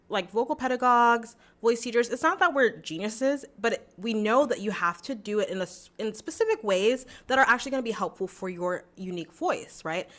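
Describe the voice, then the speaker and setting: A woman's voice: mid-range voice, fairly bright tone. A young adult woman vocal coach teaching a singing lesson in a chatty, encouraging way, breaking into short sung demo notes.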